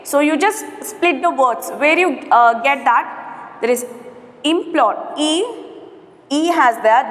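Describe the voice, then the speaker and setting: A woman, teaching a grammar lesson, repeating words and saying "okay" often. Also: high voice. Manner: slow, repetitive, spells out syllables, frequent "okay". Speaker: English teacher. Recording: roomy echo with long reverb.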